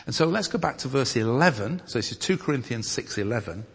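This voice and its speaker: A man from northern England preaching and leading group discussion in a church hall, lively and emphatic as he reads scripture. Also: medium pitch, fast, gravelly, few pauses, breathy edge. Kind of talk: teaching sermon with group discussion. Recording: long hall reverb.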